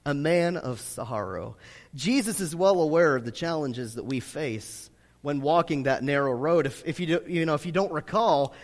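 A male pastor with a fairly high voice delivers a sermon in a loose, chatty manner full of fillers, now and then pushing into loud, emphatic stretches. His voice rings through a large church hall with a long reverb tail. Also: animated, normal speed. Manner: conversational preaching full of "you know" fillers, rising to loud emphatic bursts.

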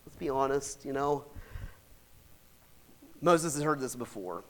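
A man preaching a sermon in a folksy, chatty way, laughing often and swinging from shouts to soft asides. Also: medium pitch, lively intonation, a little slow. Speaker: pastor.

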